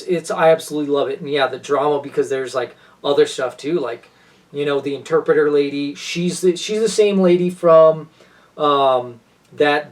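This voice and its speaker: A man talking in a fairly high voice, enthusiastic and gushing as he rambles through his thoughts with frequent restarts. He sits a little back from the microphone, so the sound is slightly distant. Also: darkish tone. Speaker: podcast co-host. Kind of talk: casual chat.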